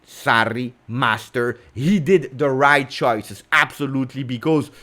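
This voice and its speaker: Animated Italian-accented man. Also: mid-range voice, a little slow. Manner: animated, emphatic, sudden swings in loudness; peppers English with Italian exclamations. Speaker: football channel host. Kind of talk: football recap vlog.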